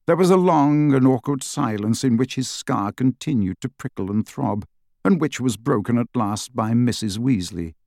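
Expressive male audiobook narrator. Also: mid-range voice, normal speed, vocal fry, no echo, studio quality. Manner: expressive storytelling. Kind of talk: scripted narration.

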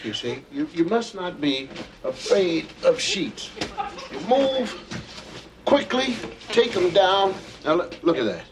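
A man's voice: sits high, sing-song, slow pace, exaggerated voice. An actor playing a playful middle-aged father in a family sitcom, teasing his kids and lecturing them in mock-serious fashion. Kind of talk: sitcom acting before a studio audience. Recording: loud studio audience laughter behind.

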